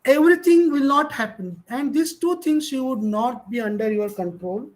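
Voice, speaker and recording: A man's voice: very high-pitched, moderate pace, low-quality recording. A middle-aged man with an Indian English accent giving a motivational lecture to college students, emphatic and shifting his tone to show stress. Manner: emphatic, varies tone to demonstrate stress.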